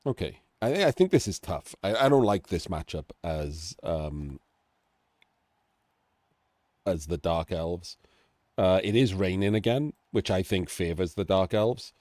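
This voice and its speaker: Sick, coughing Welsh man, very deep. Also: expressive, a little slow, darkish tone, no echo. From Wales. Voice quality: nasal, throaty. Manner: chatty, self-deprecating asides. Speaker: game analyst. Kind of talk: casual game commentary.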